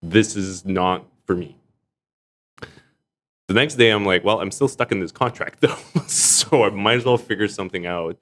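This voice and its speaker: Low-voiced man telling lively stories. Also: brisk, hardly any pauses. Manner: animated, laughs often while telling stories. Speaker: arts executive director and stage actor, podcast guest. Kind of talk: casual storytelling in a podcast chat.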